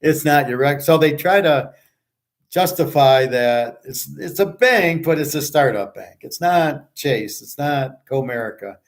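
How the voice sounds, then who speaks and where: A man's voice: medium pitch, animated, a little slow. A man hosting a show, ranting casually and bluntly with lots of swearing, rambling and restarting his sentences. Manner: blunt, profane, ranting and scoffing. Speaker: show host and handicapper. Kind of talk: casual monologue.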